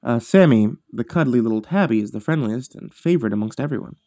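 A man reading a first-person horror story aloud in a measured, hushed storytelling manner that drops low at tense moments. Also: animated, dry recording, clean studio sound.

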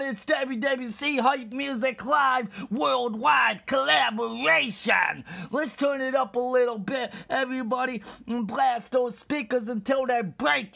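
Hype MC, gravelly and bright, yelling at the crowd; man doing the voice. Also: extremely high pitch, exaggerated voice. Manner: shouting, pumping up the crowd. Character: hyped-up male MC shouting at a crowd. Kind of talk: freestyle hype MC.

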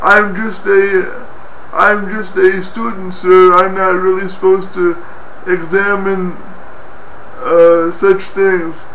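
A man's voice: high-pitched, level tone, a bit bright, exaggerated voice. A man voicing a flustered, hesitant young female student nurse, stammering through her lines. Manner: halting, stammering. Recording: roomy, distant mic, faint hiss.

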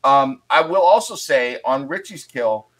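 A man's voice: medium pitch, lively intonation, measured pace, a bit bright, rough recording. A man co-hosting a podcast in casual chat, easygoing and chatty, laughing at himself. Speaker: podcast co-host.

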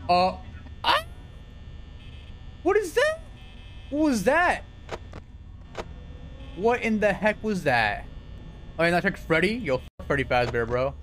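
A young man commentates his stream with a high, bouncing voice that leaps up and drops low again. He talks excitably, yelps and swears when startled, and whoops when things go his way. A faint noise floor sits behind him. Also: slow, long pauses. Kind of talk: live gameplay commentary.

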